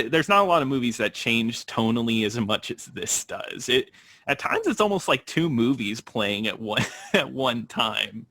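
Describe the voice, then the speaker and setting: A man co-hosting a film podcast in casual chat, laughing often and talking in an animated way. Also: mid-range voice, no echo, clean studio sound. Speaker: podcast co-host.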